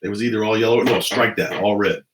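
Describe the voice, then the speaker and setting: A man's voice: fairly low pitch, fast, a bit bright, slight background noise, rough recording. A middle-aged man from the Los Angeles area, a former police officer, telling stories to the camera at home in a blunt, heavily profane way. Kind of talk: casual storytelling to camera. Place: at home indoors.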